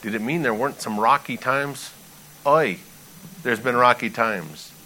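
A man preaching a sermon in an animated, conversational way, reading scripture and pleading with emphasis. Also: medium pitch, a little slow, a little hiss or hum, rough recording. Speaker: pastor.

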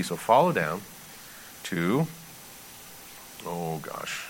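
A man delivers a sermon in a casual, conversational manner, breaking from scripture readings into emphatic asides. His voice is bright and his pitch swings widely as he pleads and jokes. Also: very animated, moderate pace, a little hiss or hum, poor audio. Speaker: pastor.

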